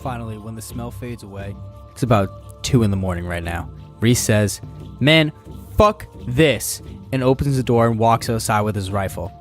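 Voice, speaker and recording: A man's voice: fairly low pitch, a little fast, a little mellow, soft background music. A man co-hosting a podcast, reading a scary story aloud in a casual, profane way. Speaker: podcast co-host.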